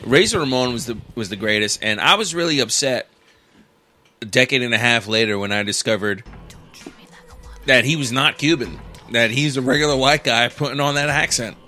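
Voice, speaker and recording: A man's voice: mid-range voice, moderate pace, bright, forceful tone, faint music behind. A man co-hosting a casual podcast, joking and swearing in loose banter. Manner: profane, laughing banter. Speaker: podcast co-host. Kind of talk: casual chat.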